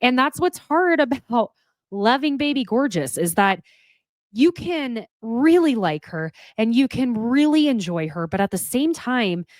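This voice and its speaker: A woman giving a casual, opinionated recap of a reality show, candid and quick to swear. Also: fairly high pitch, sing-song, no room sound.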